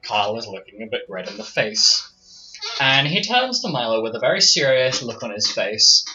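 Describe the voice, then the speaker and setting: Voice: medium pitch, sing-song, normal speed, sharp tone, soft background music. A game master casually narrating a tabletop game, rambling and restarting often. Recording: dull lo-fi mic.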